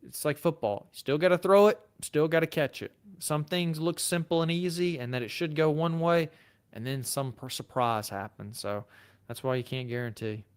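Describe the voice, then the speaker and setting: Southern male lawyer, livestream host, chatty and off the cuff, smooth resonant tone. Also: on the high side, moderate pace. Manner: casual and chatty, thinks aloud with fillers and restarts. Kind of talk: live Q&A, reading viewer comments.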